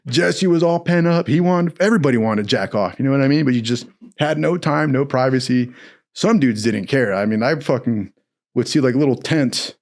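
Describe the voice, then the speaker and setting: A man telling a comic story in a casual, profane, animated way. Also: medium pitch, moderate pace.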